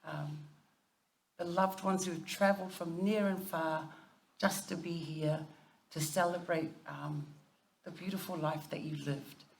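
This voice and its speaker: In an unhurried, mid-range voice with fairly even intonation, a family member gives a eulogy at a funeral service. They tell anecdotes, laugh through the stories, and mix English with Samoan phrases.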